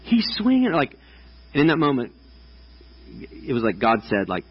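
A man's voice: medium pitch, wildly swooping pitch, normal speed, breathy edge, highs cut off. A man in his thirties preaching a casual, chatty sermon to a congregation, with lots of restarts and filler words. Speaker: pastor. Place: church stage before a congregation.

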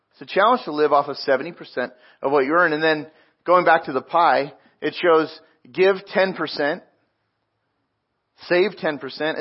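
Husky-voiced man preaching a sermon. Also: a little high, dull audio. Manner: earnest, conversational preaching with repeated phrases. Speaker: pastor.

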